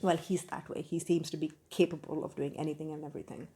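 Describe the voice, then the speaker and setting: A woman's voice: low voice, level tone, fast talker, mellow. A young woman giving a casual, candid book review, opinionated and full of fillers and restarts.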